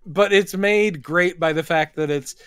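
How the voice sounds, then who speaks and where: Man, podcast co-host, easygoing movie recap, smooth resonant voice, dry close recording. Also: high-pitched, measured pace, fairly bright tone, dry recording. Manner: easygoing, recounts scenes, quotes dialogue. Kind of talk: casual movie chat.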